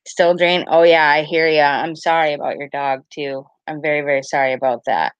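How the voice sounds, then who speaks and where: A woman in her thirties with a low voice rambles through a casual late-night live stream. She is chatty and loose, stringing thoughts together with "like" and "I was like". The recording is dry and slightly dull. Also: clean tone, dry recording. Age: 30s. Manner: greets chat viewers warmly by name. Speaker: live-stream card reader. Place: home at night.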